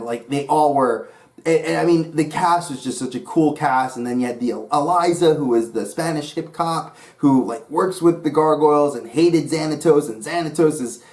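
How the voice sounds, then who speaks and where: Rambling, enthusiastic man at mid pitch. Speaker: YouTube channel host. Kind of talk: casual vlog talk.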